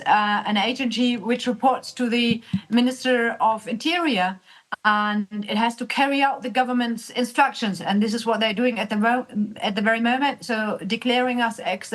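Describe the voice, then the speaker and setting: A woman's voice: a little high, low-quality recording. A woman from Germany with a German accent, a politician guest speaking earnestly in a remote interview, English not her first language.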